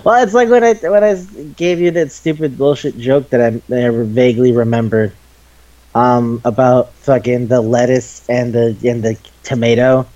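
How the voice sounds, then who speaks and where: A man in his twenties co-hosting a casual chat podcast, excitable and quick to swear. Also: medium pitch, muffled recording. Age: 20s. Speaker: podcast co-host. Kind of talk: casual chat about anime.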